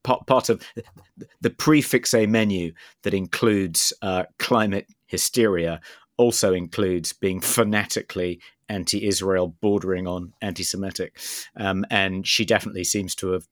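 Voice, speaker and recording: Low-voiced man, dry and close. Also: fairly even intonation, dry recording. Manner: measured, searching for words. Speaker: podcast co-host. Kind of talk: casual political chat.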